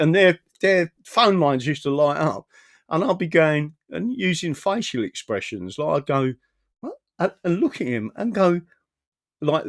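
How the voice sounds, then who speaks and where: A man's voice: fairly high pitch, no room sound. A man talks in a casual, rambling live-stream monologue from his own small studio. He swears freely, keeps tagging "right?" onto his sentences and chuckles between phrases. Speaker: political activist streaming.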